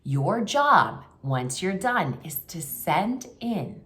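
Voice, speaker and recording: A woman's voice: on the low side, sing-song, takes it slowly, fairly bright tone. A woman teaching a remote kindergarten writing lesson, talking to young children in a patient, sing-song way.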